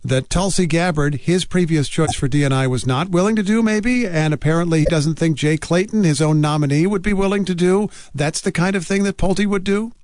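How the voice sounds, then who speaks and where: A man hosting a news interview, asking probing, deliberate questions. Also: fairly high pitch, darkish tone, no echo. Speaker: radio news host.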